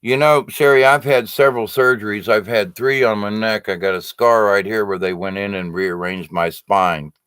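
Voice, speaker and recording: A man's voice: fairly low pitch, fairly even intonation, normal speed, few pauses, fairly bright tone, clear, resonant tone, no echo. A man hosting a casual spiritual livestream, reading out viewer comments and talking them through in an earnest, rambling way full of fillers and restarts.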